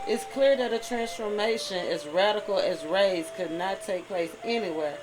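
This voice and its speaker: Speaking at a moderate pace in a mid-range voice, a tarot reader gives a preachy spiritual talk, with music in the background and poor audio quality. Read-aloud excerpts sit alongside earnest commentary, and the reader often asks "right?".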